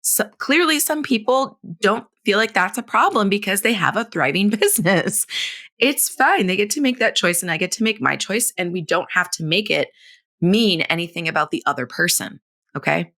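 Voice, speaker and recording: A woman in her thirties hosting a solo podcast, coaching in a blunt, frank and animated way, swearing casually and laughing often. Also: medium pitch, normal speed. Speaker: podcast host.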